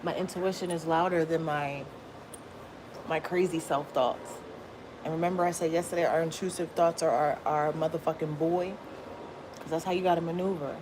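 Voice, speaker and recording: A woman hosting a tarot stream, talking casually and bluntly to her viewers with lots of swearing and quick asides. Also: sits low. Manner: blunt, profane, chatty, laughs and exclaims often. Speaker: tarot reader livestream host. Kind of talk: casual spiritual talk to viewers. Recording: steady background noise.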